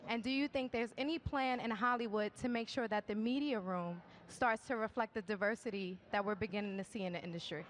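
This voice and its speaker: A woman's voice: mid-range voice, steady tone, brisk, hardly any pauses, slight background noise. A woman reporter asking a pointed question politely and directly in a press room. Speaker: entertainment reporter.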